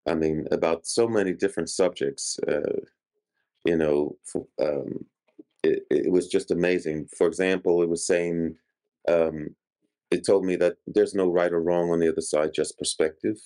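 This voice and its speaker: A man's voice: low-pitched, steady tone, moderate pace, mellow. A man, an interview guest, earnestly recounting a personal experience in vivid detail. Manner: earnest, vivid storytelling with gestures described.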